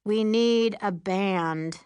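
A woman's voice: medium pitch, drawn-out words, darkish tone, clear, resonant tone, dry recording. A woman voicing a theatrical, indignant teenage student.

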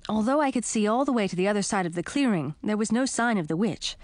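A woman narrating a children's storybook in an expressive, animated way. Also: medium pitch, brisk, no echo. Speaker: audiobook narrator.

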